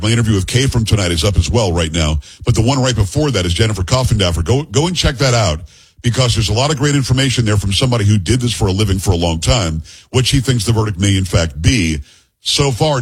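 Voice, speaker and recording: Male podcast host, middle-aged, husky voice, loose and jokey delivery. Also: lowish voice, expressive, fast. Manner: rambling, joking asides, teasing his co-host. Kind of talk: casual talk-show chat.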